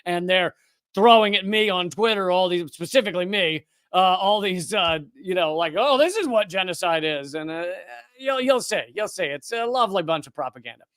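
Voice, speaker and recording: A man with a notably high voice hosts a live-streamed commentary show. He rambles, stops to correct himself, and drops sarcastic asides. The sound is close and dry, with no room echo. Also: lively intonation, normal speed, fairly bright tone, clean tone. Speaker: political commentator host.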